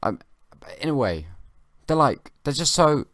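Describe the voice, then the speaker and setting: A young man hosting his own comedy podcast, rambling in a halting, dry way with many restarts. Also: on the high side, big pitch swings, a bit bright, no echo. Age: young adult. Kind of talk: rambling comic monologue.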